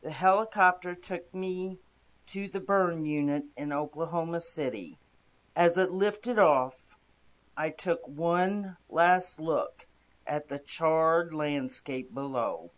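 Calm narrator reading true-life faith stories, slow and steady, middle pitch. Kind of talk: scripted narration of first-person inspirational stories.

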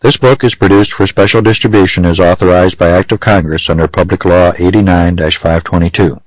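A man narrating a western audiobook in measured, dramatic storytelling. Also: low-pitched, fairly even intonation, no room sound, low-quality recording.

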